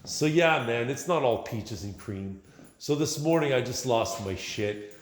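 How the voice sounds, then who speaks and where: A man's voice: mid-range voice, lively intonation, measured pace. Exasperated man in an echoey hall. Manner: exasperated, profane, keeps saying "man". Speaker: small business owner. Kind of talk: venting monologue vlog. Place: large bare workspace under renovation. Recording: echoey hall with long reverb.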